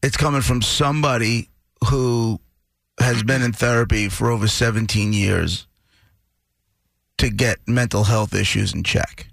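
A man's voice: fairly low pitch, a little slow, creaky, fairly bright tone, no echo. A man co-hosting a radio show, blunt and lecturing, confronting a guest in a heated argument. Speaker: radio co-host.

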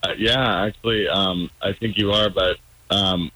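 A man's voice: deep voice, steady tone, a little slow, sharp tone, slight background noise, low-quality recording. A man calling into a radio show, telling a story in a rambling, hesitant way with many ums. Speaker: caller guest on a radio show. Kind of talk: casual storytelling on a phone-in.

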